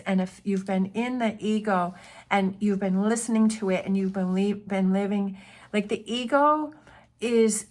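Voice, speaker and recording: Earnest, encouraging woman tarot reader. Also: medium pitch. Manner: earnest, encouraging, repeats herself. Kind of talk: casual spiritual pep talk.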